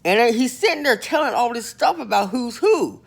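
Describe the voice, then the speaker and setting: A man's voice: very high-pitched, lively intonation, normal speed, gravelly. A man hosting his own channel, telling a rambling comic story in a boastful, slangy way and acting out the people he quotes. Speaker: channel host telling prison stories.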